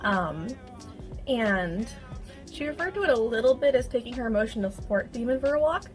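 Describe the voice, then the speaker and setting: A young woman chatting casually in a vlog, bubbly and animated, with sudden loud outbursts. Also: a little high, normal speed, over music. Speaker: social media creator.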